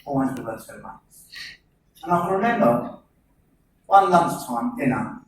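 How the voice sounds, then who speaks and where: A man's voice: medium pitch, animated, unhurried. A man, doing rambling stand-up comedy and teasing audience members by name. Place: live comedy venue with audience laughter. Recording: echoey venue, distant mic, noisy audience.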